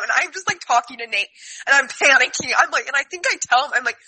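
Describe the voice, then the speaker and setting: Giggly woman telling a story, high bouncy voice, super bright. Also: animated, fast, breathy edge, no echo, rough recording. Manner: giggly, acts out quotes loudly. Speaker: guest storyteller. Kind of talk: casual chat, animated storytelling.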